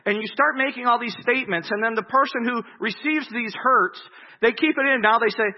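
A man preaching a sermon as pastor, swinging between loud, emphatic acted-out quotes and slow, soft reflection. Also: extremely high pitch, muffled recording.

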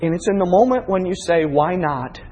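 Husky-voiced man preaching in a reverberant hall. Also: high voice, quick pace. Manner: earnest storytelling that swings from hushed to impassioned. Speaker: pastor. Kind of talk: sermon.

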